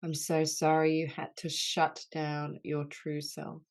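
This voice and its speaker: A woman leading a guided healing session on an online group call, speaking in slow, soothing, repeated phrases. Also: deep voice, completely flat delivery.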